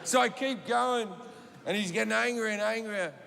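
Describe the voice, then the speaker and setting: A man's voice: high-pitched, moderate pace, creaky. An Australian man on a comedy stage, telling a rambling, profane story to a live audience and acting out the quotes. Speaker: stand-up comedian. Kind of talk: stand-up storytelling. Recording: reverberant live venue with audience noise.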